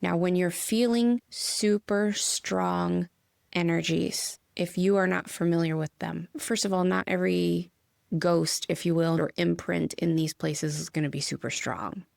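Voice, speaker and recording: Midwestern woman, middle-aged, podcast co-host; chatty, laughs easily, low-ish voice with fry, dry recording. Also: steady tone, measured pace, darkish tone, no room sound. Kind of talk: casual spiritual chat.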